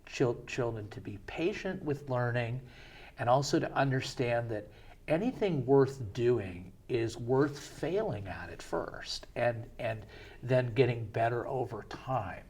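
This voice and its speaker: Man, middle-aged, slightly husky, mid pitch, conversational host, anecdotal. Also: lively intonation, measured pace, darkish tone. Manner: conversational storyteller, chatty with fillers. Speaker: show host. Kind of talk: interview questions and anecdotes.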